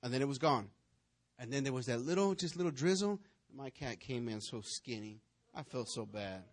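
A man's voice: medium pitch, expressive, moderate pace. A man preaching a sermon as pastor, telling stories, acting out the voices in them, and putting questions to the congregation. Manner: storytelling, acts out voices and scenes.

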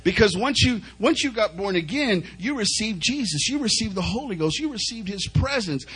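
A man's voice: sits high, animated, moderate pace, a bit bright, breathy edge, poor audio. A male preacher delivering an emphatic sermon, repeating phrases as he urges the congregation on. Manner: emphatic, repetitive, urging the congregation.

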